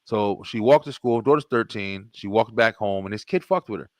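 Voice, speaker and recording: A middle-aged man hosting a podcast, telling stories in an animated, profane way. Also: on the low side, moderate pace, no echo. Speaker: podcast host. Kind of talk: casual podcast chat.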